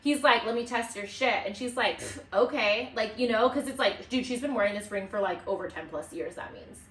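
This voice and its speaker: A young woman co-hosts a podcast in a brisk, mid-range voice, animatedly telling stories, swearing freely and acting out quotes in a casual chat. The mic sits at a distance in an echoey room.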